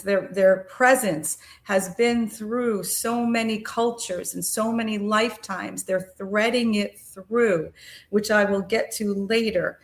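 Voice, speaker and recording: A middle-aged woman speaks slowly and reflectively, sharing a personal spiritual experience on her podcast. Her voice sits at a middle pitch, and she often pauses with soft ums and uhs as she gathers her words. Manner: unhurried, with frequent ums and uhs.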